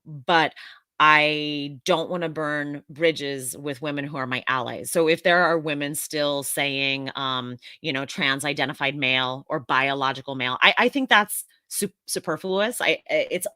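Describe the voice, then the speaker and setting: A woman's voice: low-pitched, a little slow, pushed and bright, smooth, no room sound. An American woman hosting a casual live Q&A stream, earnest and reflective, often restarting her sentences as she thinks aloud. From United States.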